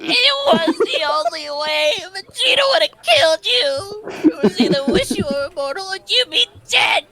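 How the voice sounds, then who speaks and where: A woman's voice: fairly high pitch, animated, a little slow, a loud crowd, low-quality recording. A woman voicing a timid, kind young alien boy in a comedic fan-fiction reading, earnest and apologetic. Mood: tearful. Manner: earnest, apologetic, tearful pleading.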